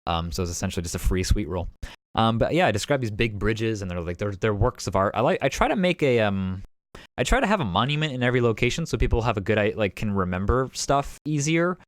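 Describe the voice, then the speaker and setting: At a quick pace and in an animated, low voice, a man acting as game master recaps a tabletop session from his home streaming setup. The dry recording captures rambling casual talk full of fillers and restarts.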